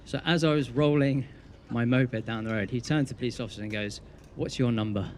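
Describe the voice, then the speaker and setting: A man's voice: mid-range voice, fast, a little mellow, a little hiss or hum. A young man giving a best man's wedding speech, telling a teasing story with dry punchlines.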